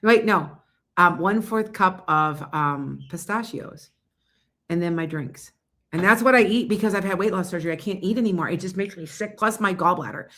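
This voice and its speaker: Woman, psychic reader, livestream chat, rambling, bright tone, fairly low pitch. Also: normal speed. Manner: rambling, loses her train of thought.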